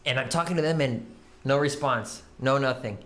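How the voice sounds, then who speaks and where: A man's voice: medium pitch, normal speed. Rambling, profane young man telling stories. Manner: rambling, profane, animated storytelling. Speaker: podcast co-host. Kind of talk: casual chat.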